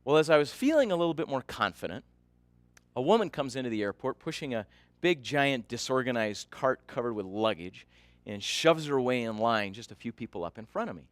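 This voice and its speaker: A man giving a keynote talk, telling a story in an animated way and asking the audience questions. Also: mid-range voice, brisk, no echo. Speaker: keynote speaker.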